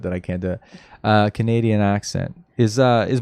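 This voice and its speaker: A man's voice: lowish voice, moderate pace, warm tone, no echo, clean studio sound. A young man rambling casually, telling a story with lots of fillers and self-mocking jokes. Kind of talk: casual chat.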